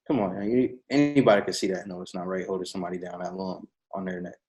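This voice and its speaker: Deep-voiced man talking fast and emphatically. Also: fairly even intonation, a little mellow, faint music behind. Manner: emphatic, keeps adding "you know what I mean". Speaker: podcast co-host. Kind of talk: casual podcast discussion.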